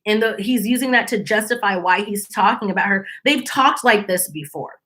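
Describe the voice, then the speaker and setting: A young adult woman hosting a casual commentary channel, chatty and animated, mimicking people as she quotes them. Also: mid-range voice, normal speed.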